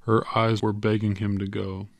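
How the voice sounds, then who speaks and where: Male audiobook narrator, low and flat, measured, dry close recording. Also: creaky, dry recording. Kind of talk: scripted narration.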